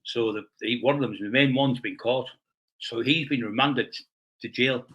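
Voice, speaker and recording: A man as an interview guest, telling rough stories bluntly and swearing freely. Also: mid-range voice, moderate pace, dull audio. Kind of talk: blunt storytelling in a casual interview.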